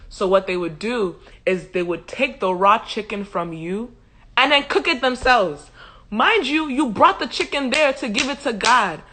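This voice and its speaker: A woman hosting a casual livestream Bible commentary, animated and joking with slangy asides and frequent laughter. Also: a little high, measured pace. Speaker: host.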